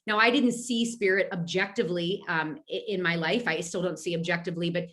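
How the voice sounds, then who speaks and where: Bright-voiced chatty middle-aged woman. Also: lowish voice, steady tone, brisk. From Philadelphia. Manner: chatty, lots of fillers and restarts. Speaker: guest medium and intuitive. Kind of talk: casual interview answers.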